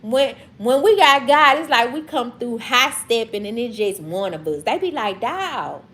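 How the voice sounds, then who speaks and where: This livestream host is a Southern-accented woman from Mississippi who addresses her chat in a casual, emphatic, preachy manner, saying things over and over for effect. She sounds fairly high-pitched, expressive and a bit bright, at a moderate pace.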